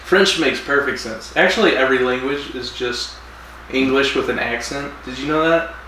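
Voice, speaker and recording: A man's voice: mid-range voice, normal speed, bright, forceful tone, slight background noise. A man co-hosting a podcast, joking playfully and laughing often in casual chat. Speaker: podcast co-host. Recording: echoey distant room mic.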